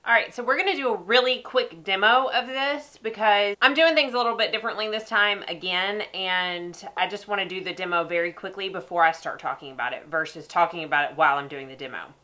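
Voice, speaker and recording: A makeup vlogger with a sinus cold talks straight to her viewers in a casual beauty review and demo, her stuffy nose making her voice nasal. She speaks at a medium pitch, a little fast, with few pauses and a sharp tone, keeping things chatty.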